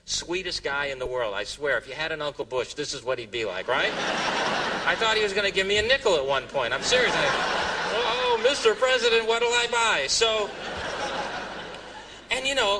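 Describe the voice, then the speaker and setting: A man telling a comic story on stage as a stand-up comedian, jumping into high squeaky voices for quoted exclamations. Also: vocal fry. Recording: distant mic, noisy room ambience.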